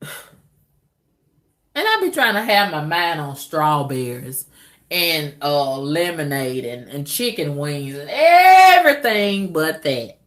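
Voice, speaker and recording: A middle-aged woman vlogging in a candid, casual monologue to her viewers, drawling with loud whoops and exclamations. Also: sits low, very animated, takes it slowly.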